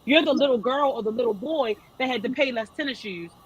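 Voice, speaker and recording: A woman's voice: on the high side, fairly quick, husky, lo-fi sound. A woman in her thirties speaking as a panel guest, giving earnest, emphatic advice to parents. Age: 30s. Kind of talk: panel discussion.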